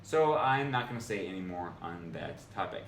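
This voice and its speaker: A man's voice: deep voice, expressive, normal speed. A man making a language video, reading out an article and arguing back against it in an exasperated, argumentative way. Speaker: language vlogger. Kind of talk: reading an article aloud and rebutting it. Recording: roomy echo, faint ambient noise.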